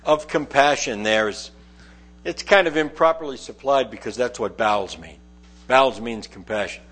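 A man's voice: mid-range voice, expressive, normal speed, a bit bright. A middle-aged man preaching a conversational sermon, reading scripture aloud and explaining it verse by verse. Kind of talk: sermon, Bible teaching.

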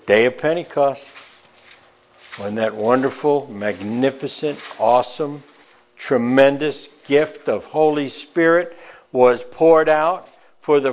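A man with a New York accent delivers an emphatic sermon, reading scripture and drawing out words to drive a point home. His voice sits a bit higher than most men's. The recording is dull and lo-fi. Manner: emphatic, stretches words for stress. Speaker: preacher.

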